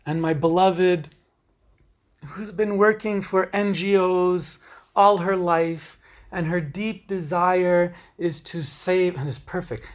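A man hosting a solo podcast, talking earnestly and emphatically with casual swearing. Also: sits high. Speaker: podcast host.

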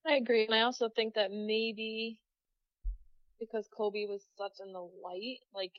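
A woman's voice: a little high, little pitch movement, measured pace, no echo, highs cut off. A young woman in casual podcast chat, joking and laughing often.

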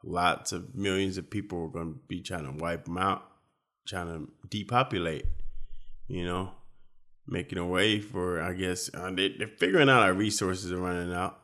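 A young man in casual conversation, rambling and profane, sometimes breaking into loud mock speeches. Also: sits low, moderate pace. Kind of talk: casual chat.

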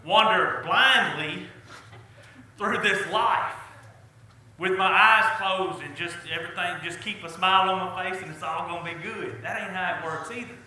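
Speaking at normal speed with a sharp edge, a middle-aged pastor delivers a sermon whose voice sits high. He is folksy and earnest, his emphasis climbing to drive each point home, and the church hall echoes around him.

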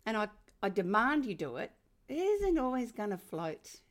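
An older woman with an Australian accent, speaking as a guest on a podcast. She talks emphatically, and her voice jumps high when she makes a point. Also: moderate pace. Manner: animated, emphatic, rising to high exclamations. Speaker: former teacher and education guest. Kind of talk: conversational interview.

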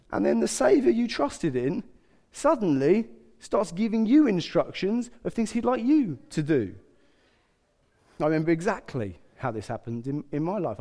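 Preacher in an echoing church hall. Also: male voice, a little high, vocal fry. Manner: animated, conversational, acts out quotes with humour. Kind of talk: sermon. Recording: long hall reverb.

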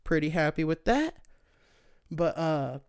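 A man's voice: a little high, big pitch swings, measured pace, vocal fry, clear, resonant tone, no room sound, clean studio sound. A young man hosting a solo podcast, ranting in a profane, sarcastic way. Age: young adult. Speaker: podcast host.

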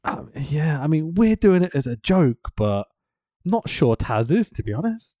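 A man's voice: on the high side, big pitch swings, moderate pace, warm tone, no room sound. A man co-hosting a casual podcast, recapping wrestling with lots of swearing and laughter. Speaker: podcast co-host.

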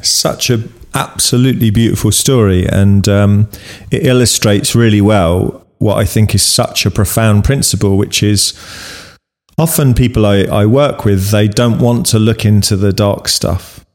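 A man hosting an interview, reflecting in a measured way and repeating key words for emphasis. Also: lowish voice, fairly even intonation. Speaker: host.

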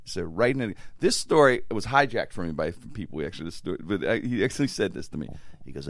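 A man telling profane, animated stories in casual chat. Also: deep voice, fast, no room sound, clean studio sound. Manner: animated anecdotal storytelling, profane.

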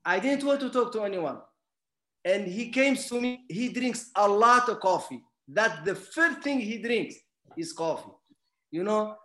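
A man with a non-native English accent, telling a personal story in a halting way full of restarts. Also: high-pitched, expressive, fairly bright tone, roomy sound. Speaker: guest.

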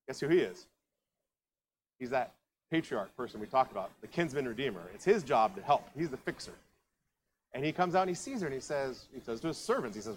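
Brief: easygoing man preaching, talks as if to friends, mid-pitched, faint hiss behind. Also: animated, a little fast, low-quality recording. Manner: conversational storytelling, lots of asides. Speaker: pastor. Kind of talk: sermon. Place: church.

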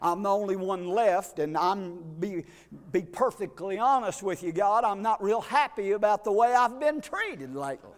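A man, preaching a sermon in a chatty way with asides to the congregation, rising to shouts and sinking to a hush. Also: sits high, lively intonation, normal speed, in a large hall. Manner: builds to shouting climaxes, then drops to a hush; conversational, with fillers and call-outs to the congregation.

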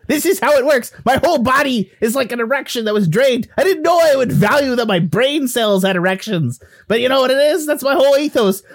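A man's voice: very high voice, voice pushed up. A man voicing a crude, sarcastic male ghost of a human barkeep with a mock Canadian accent, needling and rambling.

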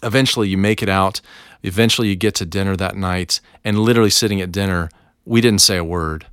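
A man hosting a devotional podcast, telling a personal story in a relaxed, conversational way. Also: deep voice, fast talker, clean tone, no room sound, studio quality.

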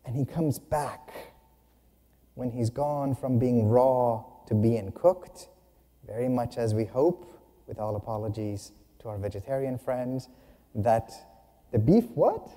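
A man giving a spiritual talk, telling stories in a humorous, expressive way to a gathering in a hall. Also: medium pitch. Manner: humorous, unhurried, expressive storytelling. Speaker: speaker. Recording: long hall reverb.

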